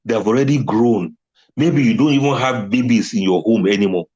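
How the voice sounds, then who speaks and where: A man's voice: on the low side, a little fast, darkish tone, highs cut off. A man giving a religious talk on letting go, emphatic and often laughing at his own points. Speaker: Islamic speaker.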